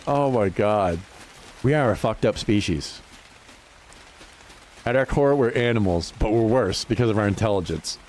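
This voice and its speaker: A man's voice: lowish voice, moderate pace, pauses often, slight background noise. A young man, casually telling swear-filled stories and laughing as he streams a game. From New Hampshire. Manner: animated storytelling, swears freely, laughs often. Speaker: livestreamer. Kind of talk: casual chat while gaming.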